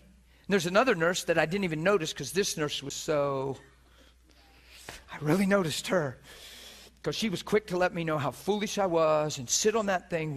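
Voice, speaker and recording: A male preacher telling a story in a sermon, excited and emphatic, acting out the voices of other people and often laughing as he speaks. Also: fairly high pitch, moderate pace.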